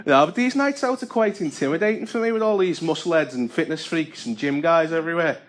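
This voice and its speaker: A young man doing a stand-up comedy set, deadpan, breaking into loud character voices. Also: fairly high pitch, fairly quick. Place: comedy club with audience laughter. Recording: live gig with audible noise.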